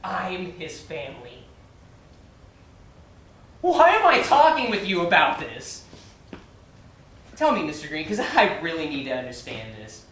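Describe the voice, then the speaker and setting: A man's voice: fairly high pitch, sing-song, measured pace, long pauses, fairly bright tone, slight background noise. An actor in his thirties playing a frustrated, hurt gay man on stage, speaking with tense agitation. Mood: accusing. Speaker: visitor. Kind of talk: stage play acting. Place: theater stage. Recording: echoey stage, from far off, faint ambience.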